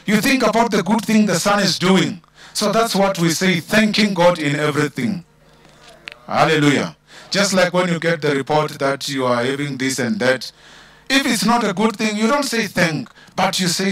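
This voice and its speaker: High-voiced South African preacher, dry sound. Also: male voice, lively intonation, fairly bright tone, no echo. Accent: South African English. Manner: preaching with slow emphatic stresses and repeated hallelujahs. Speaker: pastor. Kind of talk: sermon.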